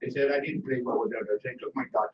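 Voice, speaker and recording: A man's voice: medium pitch, steady tone, quick pace, muffled recording, voice pushed down, lightly acted. A man on a radio prank call, voicing a rambling, teasing man who claims to be a singer from Pakistan. He uses broken English and a put-on Pakistani accent. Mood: flirty. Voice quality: scratchy voice.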